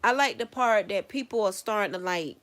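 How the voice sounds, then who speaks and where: Casually livestreaming as she paints earrings, a woman talks a little fast in a mid-range, slightly bright voice. She muses and rambles aloud, laughs at her thoughts, and directly asks her viewers questions.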